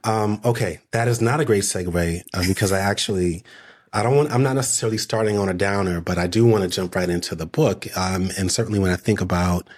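A man with a deep, low voice co-hosts a casual podcast. He asks long, winding questions, full of ums and restarts, in a playful tone. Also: quick pace. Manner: playful, rambling questions with many fillers. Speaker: podcast co-host.

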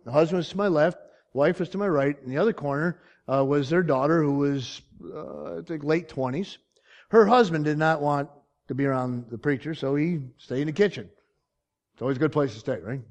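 A man with a high-pitched voice preaching a sermon. He tells stories with dramatic swings in volume, dropping to quiet asides and rising to loud punchlines. He chuckles often along the way. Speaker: pastor.

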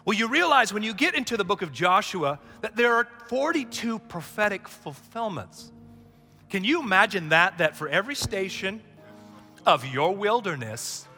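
High, bright-voiced preacher in a reverberant hall. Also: male voice, big pitch swings, normal speed. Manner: emphatic, call-and-response preaching that builds to shouts. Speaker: pastor. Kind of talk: sermon. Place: church sanctuary. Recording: long hall reverb, faint music behind.

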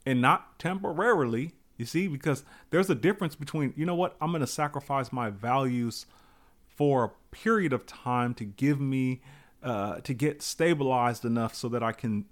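A man's voice: medium pitch, normal speed. A man hosting his own podcast, musing aloud in a thoughtful, rambling way with many restarts and asides. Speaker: podcast host. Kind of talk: reflective solo monologue.

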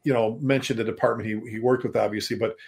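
A man's voice: medium pitch, steady tone, fast talker, gravelly, a little mellow, slightly rough. A middle-aged man, a fire chief and author, telling stories emphatically as a guest in a casual podcast talk, now and then swearing. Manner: storytelling, emphatic, mild swearing.

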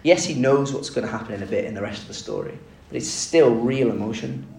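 A man preaches in a relaxed, conversational way, retelling the story and asking the congregation questions. His voice sits at an ordinary middle pitch. It carries the echo of a large room, picked up from a little way off the mic with a faint hum behind. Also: fast, creaky. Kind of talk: sermon. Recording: echoey room, mic at a distance.

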